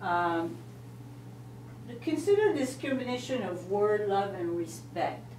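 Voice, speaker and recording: A woman leading a parenting class, animated and asking the group rhetorical questions. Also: mid-range voice, slow pace. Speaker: parenting instructor. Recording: roomy, distant mic, faint hum.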